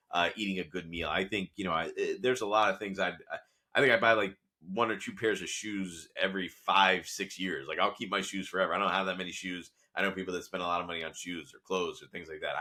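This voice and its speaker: A man's voice: low voice, pushed and bright. A man hosting a podcast, retelling scenes from a TV series in a loose conversational way full of asides. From Italian-American. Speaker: podcast host recapping a TV series. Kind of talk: casual episode recap talk.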